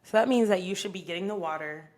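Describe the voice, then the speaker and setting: A young woman co-hosting a casual podcast, playful and animated, with jokey asides. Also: mid-range voice, fast talker. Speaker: podcast co-host.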